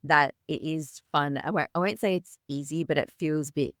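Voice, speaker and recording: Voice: mid-range voice, moderate pace, a bit bright, no room sound, studio quality. A podcast host talking casually and loosely, with casual swearing. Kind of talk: casual conversation.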